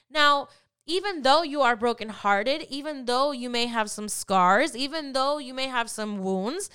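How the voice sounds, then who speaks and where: A woman's voice: high-pitched, pushed and bright. A woman hosting a faith podcast, talking in an earnest, encouraging way and often repeating phrases for emphasis. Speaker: podcast host.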